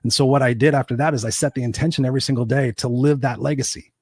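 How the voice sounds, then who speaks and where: A man's voice: mid-range voice, steady tone, very fast, dry recording, studio quality. A man telling a personal story as a podcast guest and motivational coach, emphatic and speaking straight to the listeners. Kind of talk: storytelling interview talk.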